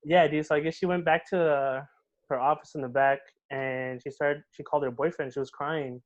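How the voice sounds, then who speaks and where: A young man tells a story fast and with energy, his voice sitting a little high. He swears often and fills the talk with bro and dude. The sound is dull and lo-fi. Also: fairly even intonation. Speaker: podcast guest. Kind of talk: casual storytelling.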